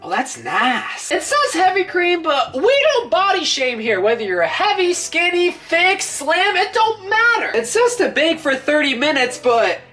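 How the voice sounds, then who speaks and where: High, lively woman joking. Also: unhurried, few pauses, faint music behind. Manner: playful, joking, excitable exclamations. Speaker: cooking video host. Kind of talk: casual cooking vlog.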